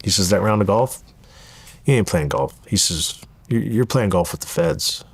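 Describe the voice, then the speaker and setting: Deep guy in his 30s telling his story, does everyone's voices, dry close mic. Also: normal speed, breathy edge, dry recording. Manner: animated storyteller acting out quoted dialogue. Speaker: interview guest. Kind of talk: storytelling interview.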